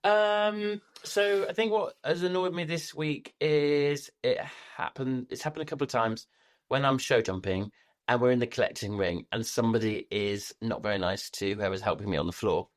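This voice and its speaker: A man's voice: medium pitch, normal speed. A man co-hosting a podcast, speaking casually in a hesitant, mild manner with many restarts. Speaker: podcast co-host. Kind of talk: casual chat.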